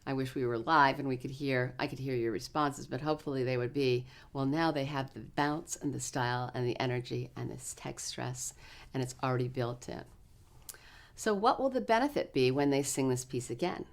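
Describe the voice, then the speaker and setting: Woman, low voice, measured choral workshop lesson. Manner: clear, measured teacherly explanation; energetic rehearsal coaching with choir. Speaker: choral clinician.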